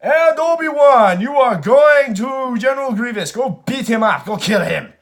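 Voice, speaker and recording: A man putting on a loud, overblown voice as a bossy space-council elder giving orders. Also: extremely high pitch, animated, measured pace, pitched above the performer's own voice, heavily acted. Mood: mocking.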